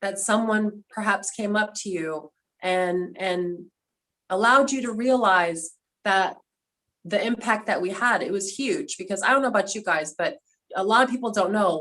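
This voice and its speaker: A woman's voice: medium pitch, a bit bright, rough recording. A woman hosting a cast reunion over a video call, telling stories in a casual, heartfelt way and getting emotional. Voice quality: quadriplegic speaker talking from a seated video call.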